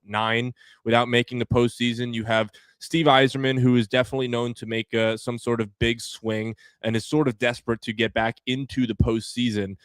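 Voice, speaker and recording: A man with a smooth, clear voice of middle pitch hosts a sports podcast in a casual way. He lays out his ideas with energy and uses many fillers. The sound is dry and close, with no room echo. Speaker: podcast host.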